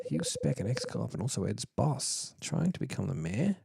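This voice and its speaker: A man's voice: sing-song, normal speed, gravelly, few pauses, noisy background. A man streaming a visual novel, reading the dialogue aloud with casual asides. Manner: casual, reads dialogue in a low easy voice with offhand asides. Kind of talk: let's play, reading game text aloud. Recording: music playing underneath. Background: game music.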